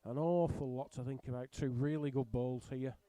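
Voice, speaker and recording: Man, live bowls commentator, mellow low-key voice, slightly odd speech from a missing tooth, chatty and self-deprecating. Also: fairly even intonation, normal speed. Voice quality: talks a little strangely from a missing tooth.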